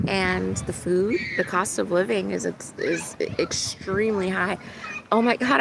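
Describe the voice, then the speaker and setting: A woman with a gravelly voice talks in a loose, rambling vlog monologue, forever checking in with a quick "right?". She is recording outside, and passing traffic is clearly heard behind her. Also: medium pitch. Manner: meandering, frequent "right?" and "like" tags. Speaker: vlogger. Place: outdoors near boats and birds. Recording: outdoor recording with loud traffic noise.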